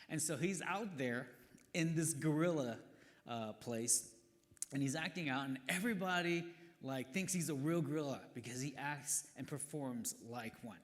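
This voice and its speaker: A man's voice: mid-range voice, normal speed. A male pastor preaching a sermon in a casual, chatty way, often checking in with "right?". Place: church worship hall. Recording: long reverb of a worship hall.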